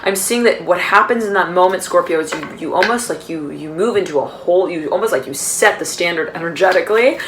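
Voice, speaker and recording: A woman gives an intuitive tarot reading in a rambling, repetitive way, dotted with fillers and laughs. Her voice sits somewhat low for a woman. A faint hiss of background noise runs underneath. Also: brisk, few pauses, a bit bright, low-quality recording. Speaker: tarot card reader.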